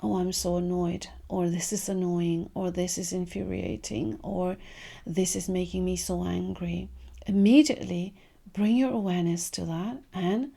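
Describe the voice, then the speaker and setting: A woman giving a gentle spiritual guidance talk, speaking softly and often trailing off into whispers. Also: fairly low pitch, fairly even intonation, creaky, slightly rough. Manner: soft, slow, trailing into whispers. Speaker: spiritual teacher.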